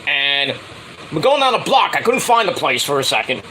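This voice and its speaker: A man's voice: a little high, very animated, normal speed, pushed and bright, slight background noise, rough recording. A middle-aged man telling a rambling casual story, full of filler words and restarts, acting out the lines he quotes. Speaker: wrestling show reviewer.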